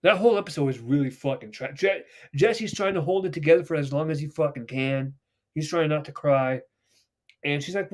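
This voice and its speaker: A man's voice: on the high side, fairly quick, a little mellow. A man hosting a casual podcast chat, telling stories with lots of swearing and acting out the characters' lines. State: getting choked up. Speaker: podcast host.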